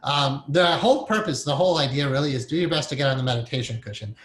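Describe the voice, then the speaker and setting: A man's voice: medium pitch, fast talker, reverberant, low-quality recording. A man giving a recorded meditation training lecture in a loose, conversational way, repeating key points and acting out the inner voices of emotions. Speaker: meditation teacher.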